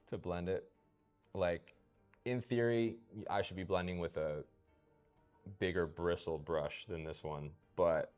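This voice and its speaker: Deep-voiced man casually chatting while painting. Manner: laid-back, swears often, chants and whispers to himself while he works. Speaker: painter streaming live. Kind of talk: casual live-stream chat while painting.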